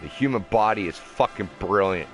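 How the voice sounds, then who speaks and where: Sitting in his car at a drive-through, a young male vlogger delivers an angry, profane, preachy rant. His voice is on the low side at a normal speed, with soft music playing in the background.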